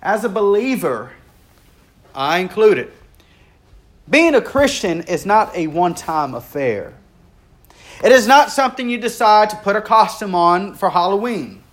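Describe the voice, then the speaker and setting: High-voiced earnest male preacher. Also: lively intonation, measured pace. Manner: earnest, builds in intensity and then drops low and quiet. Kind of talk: sermon storytelling.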